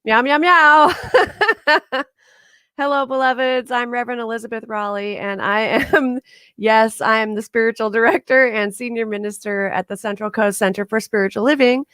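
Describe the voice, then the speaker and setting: A woman's voice: a little high, steady tone, a little fast, a bit bright, clear, resonant tone, no room sound, studio quality. A woman minister welcoming people to a live-streamed service from her home, chatty with frequent laughs. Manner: chatty, laughs often, loose restarts. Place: home condo.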